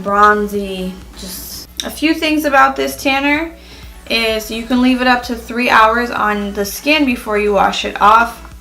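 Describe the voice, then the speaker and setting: A woman's voice: medium pitch, sharp tone, rough recording. A young woman chatting casually in a beauty review vlog, full of "like" fillers. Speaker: beauty vlogger.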